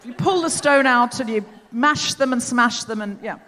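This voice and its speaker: A woman's voice: on the high side, moderate pace, fairly bright tone. A woman hosting a live comedy podcast on a theatre stage, telling rambling, self-deprecating stories. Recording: long theatre reverb.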